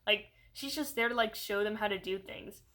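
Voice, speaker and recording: A woman's voice: medium pitch, moderate pace. Young woman rambling through a review. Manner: rambling, animated, heavy use of "like"; puts on voices when quoting characters. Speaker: video reviewer. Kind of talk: casual spoken movie review.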